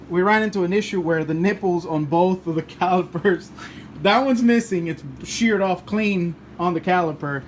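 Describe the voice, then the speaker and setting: A man's voice: high voice, slight background noise. Joking man chatting in a garage. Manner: joking, swears, laughs often. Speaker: car channel host. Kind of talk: casual garage chat to camera. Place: home garage.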